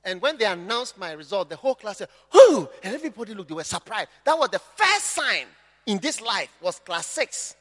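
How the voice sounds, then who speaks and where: A male pastor preaching a sermon, impassioned and often shouting, sometimes mimicking his listeners. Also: sits high, very animated, brisk, big-room sound.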